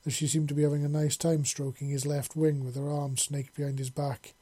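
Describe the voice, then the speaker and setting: Male audiobook narrator, slightly high, dark and husky, steady earnest delivery. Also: brisk. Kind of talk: story narration.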